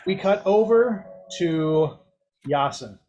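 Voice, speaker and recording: A man narrating a tabletop game as game master, casual and rushing through rules. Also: high voice, lively intonation, dark tone, highs cut off, soft background music.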